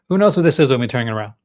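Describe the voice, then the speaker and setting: A man's voice: mid-range voice, darkish tone. Chatty Canadian man hosting a livestream. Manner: chatty, enthusiastic, with many fillers and restarts. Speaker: livestream host. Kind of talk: casual livestream chat.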